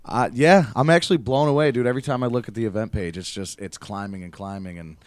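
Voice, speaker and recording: A man guesting as a band member, chatting casually in a modest, excited way that repeats words. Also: mid-range voice, fast talker, no room sound. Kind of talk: casual interview chat.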